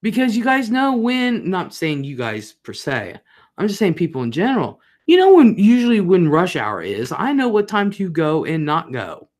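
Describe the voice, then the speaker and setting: A woman's voice: fairly low pitch, huge pitch swings, normal speed, a little mellow. A woman hosting a casual livestream, chatting straight to her viewers in a rambling, talkative way. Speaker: livestream host.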